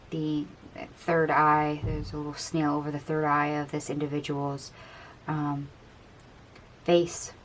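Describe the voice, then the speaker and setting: A woman giving a casual tarot card reading, chatty and dreamy, musing aloud over the cards in a gentle, encouraging way. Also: sits low, a little hiss or hum. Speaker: tarot reader.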